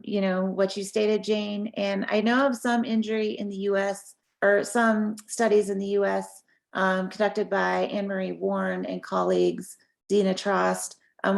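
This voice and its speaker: Woman, real gravelly fry, losing her voice, careful clinician on a call. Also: medium pitch. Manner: careful, thoughtful explanation. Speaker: neuropsychologist. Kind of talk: professional discussion on a video call. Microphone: video call.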